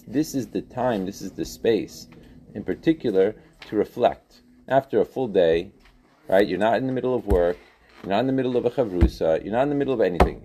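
A man teaching a religious text class, animated, questioning students and repeating phrases as he explains. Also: lowish voice, slight background noise. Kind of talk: interactive class lecture.

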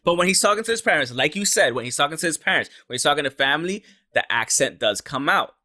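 Casting note: talkative male co-host with a fairly high, bright, forceful voice who swears a lot. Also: quick pace. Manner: animated, emphatic, swears freely. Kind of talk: casual wrestling chat.

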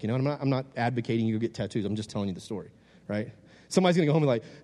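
A man's voice: medium pitch, very animated, quick pace, pauses often. Man preaching in a reverberant hall. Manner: swings from loud exhortation to quiet storytelling; casual, jokey storytelling. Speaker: youth preacher. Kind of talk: sermon.

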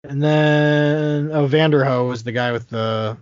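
A man talks through a film's plot in a loose, rambling way, full of ums and restarts. His voice sits a bit high for a man. The recording is dry and somewhat dull, with little room sound. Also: flat delivery, unhurried, no room sound. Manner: rambling, many fillers and restarts. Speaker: podcast co-host. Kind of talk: casual movie discussion.

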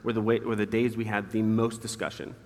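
A man in his thirties, a guest telling earnest personal stories in an interview, quick and candid. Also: on the low side, level tone. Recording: hall reverb.

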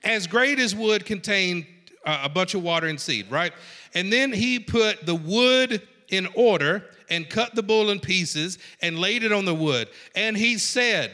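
A man preaching a sermon in a folksy, animated way, swinging from hushed lines to shouts. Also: high voice, measured pace, big-room sound. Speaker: pastor.

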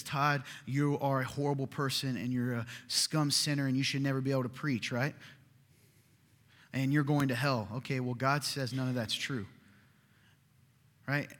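In an echoey church hall, a pastor in his thirties preaches a sermon with a medium-pitched, fairly bright voice. His manner is conversational, and he keeps checking in with listeners by asking "right?"

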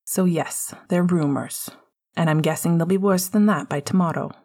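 Clipped, icy teen boy wizard, low and hushed, breathy, voiced by a woman. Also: normal speed. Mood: cutting. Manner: cold, clipped, hissing. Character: bitter teenage boy wizard, cold and cutting. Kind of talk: audiobook reading of fan fiction.

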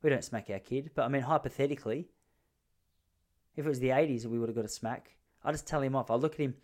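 A man's voice: mid-range voice, fast talker, a little mellow. Rambling man hosting a podcast. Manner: rambling, with repeated restarts and crude storytelling. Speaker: podcast host. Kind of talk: casual comedic monologue.

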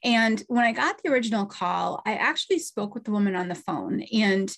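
A woman's voice: medium pitch, animated, brisk, vocal fry, fairly bright tone. A middle-aged woman, a medium and podcast host, telling a story in a chatty way with asides and small laughs. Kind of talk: storytelling monologue.

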